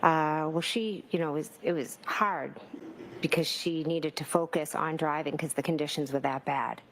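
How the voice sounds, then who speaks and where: Low gravelly-voiced woman testifying in court. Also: fairly even intonation, moderate pace, slight background noise, poor audio. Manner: hesitant, many fillers and restarts. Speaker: trial witness.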